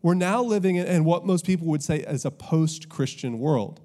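A man's voice: on the high side, moderate pace, mellow. A man preaching a sermon as pastor, telling stories with casual asides to the congregation. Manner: conversational storytelling, audience asides.

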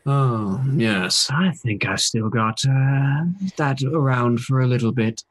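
A calm, mysterious gentleman voiced by a man running a tabletop game, speaking in a measured, unhurried way at a moderate pitch. He gives away nothing. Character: mysterious faintly blue-haired gentleman, calm.

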